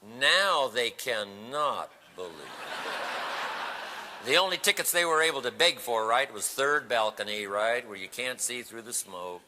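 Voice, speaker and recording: A man's voice: mid-range voice, unhurried, a little hiss or hum. A man giving a motivational seminar talk, telling stories and acting out the people in them. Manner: animated storytelling, acting out quoted voices. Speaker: motivational speaker. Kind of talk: seminar storytelling speech. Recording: echoey hall recording.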